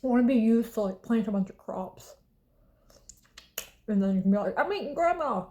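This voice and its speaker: The recording is muffled as a twenty-one-year-old vlogger from the US South speaks in a steady, dark, mid-range voice at normal speed. She chats casually while eating, blunt and loose with curse words, now and then laughing or sighing.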